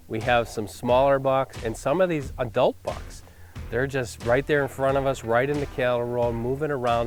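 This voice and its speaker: A man hosting a hunting show, looking back on the hunt in conversational commentary, enthusiastic and full of "you know"s. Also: medium pitch. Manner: enthusiastic, conversational, filler-heavy. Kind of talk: reflective interview-style commentary.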